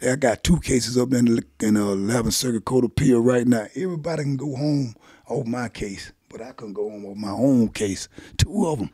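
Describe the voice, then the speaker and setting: A man's voice: medium pitch, fairly quick, dark tone, slightly rough, dry recording, studio quality. An older man, animatedly retelling his own story in casual conversation and acting out the voices of people in it. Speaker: guest telling his life story.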